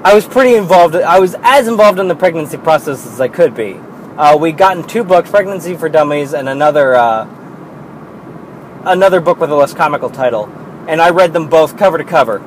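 A man's voice: on the high side, animated, fairly quick, slight background noise, low-quality recording. A young man, a new father, telling a rambling personal story in a casual, profane way.

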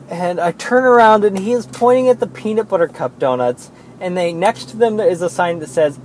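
A man's voice: sits high, normal speed, darkish tone, a little hiss or hum, low-quality recording. A man telling rambling, profane, exasperated stories in a casual monologue, talking in a car. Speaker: vlogger telling work stories.

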